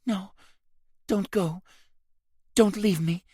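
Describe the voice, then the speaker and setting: A man's voice: fairly high pitch, expressive, takes it slowly, a little mellow, husky, no echo, studio quality, pitched above the performer's own voice, full character voice. A man doing a frightened, pleading woman.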